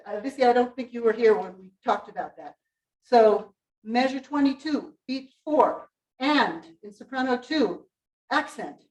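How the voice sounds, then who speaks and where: A woman directing a choir rehearsal, coaching the singers and singing short phrases to show how they should go. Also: high-pitched. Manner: sings phrases to demonstrate, animated coaching. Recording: roomy rehearsal hall, from far off.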